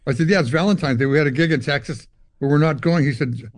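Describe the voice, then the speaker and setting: A man's voice: fairly high pitch, quick pace. An older Canadian man, a musician guest in an interview, telling long stories and acting out voices and guitar sounds. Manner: animated storyteller, acts out dialogue and guitar sounds. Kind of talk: storytelling interview.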